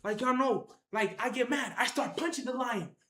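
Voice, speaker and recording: A vlogger excitedly telling a story straight to viewers, full of slang and shouted sound effects like "boom". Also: normal speed, reverberant, slight background noise. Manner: slangy, addresses the audience directly.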